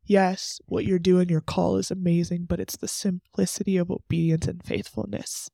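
Earnest young man with a gravelly edge. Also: sits high, level tone, moderate pace, warm tone, no room sound, clean studio sound. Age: 20s. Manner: earnest, emotional, chatty with many "like" asides. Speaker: podcast host. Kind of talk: faith podcast monologue.

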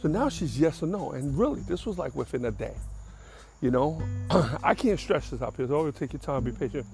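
A man's voice: on the high side, very animated, a little fast, gravelly, darkish tone, faint music behind. An older man from the Bronx, a podcast host telling a casual story in a blunt, streetwise and profane way. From the Bronx, New York.

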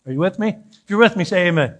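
A man's voice: high-pitched, expressive, fast. A middle-aged man preaching a sermon as pastor in a church, chatty, with joking asides and frequent restarts. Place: church sanctuary.

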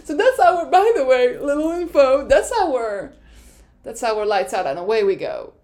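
A woman with a French accent hosts a podcast in casual explainer style. She speaks in a fairly high voice, gushing and excitable, and laughs often. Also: a little slow. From France. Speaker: podcast host.

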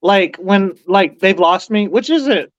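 A podcast co-host in casual comedic chat, deadpan and offhand with casual swearing. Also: medium pitch, takes it slowly, no echo, highs cut off.

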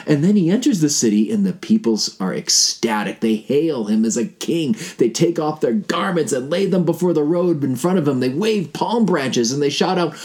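A man teaching about the gospel story, telling it with animated energy, rhetorical questions and big swings between excited and quiet delivery. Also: moderate pace, hardly any pauses. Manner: swings from excited high pitch to low, quiet explaining. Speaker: Bible teacher.

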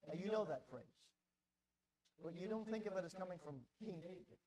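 A male pastor preaching a sermon, swinging between quiet, low passages and loud, pleading outbursts, often repeating words as he builds. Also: animated, brisk, low-quality recording. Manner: repeats words when stirred.

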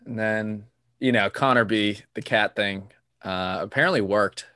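A man's voice: lowish voice, a little slow, pushed and bright, no room sound, studio quality. A young man in casual chat, joking and teasing. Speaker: podcast co-host.

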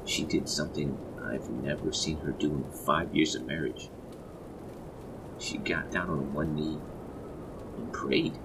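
A man narrating a horror story in first person, slow and measured. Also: very deep voice, noisy background.

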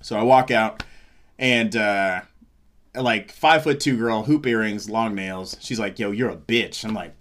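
Animated male comedian telling a story. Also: lowish voice, unhurried. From Seattle, USA. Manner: animated, acts out quoted lines. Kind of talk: casual storytelling.

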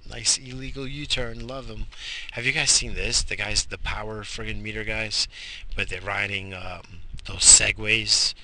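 A man's voice: on the low side, steady tone, unhurried, sharp tone, rough recording. A tired man, a father, rambling and swearing as he talks to himself in a casual vlog. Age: adult with a child. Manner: profane, rambling, muttering to himself. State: exhausted. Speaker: vlogger.

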